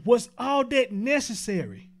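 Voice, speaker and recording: High-pitched man ranting on a show. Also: big pitch swings, measured pace. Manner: incredulous, laughing through outrage, rhetorical questions. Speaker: show host. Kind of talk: reaction commentary.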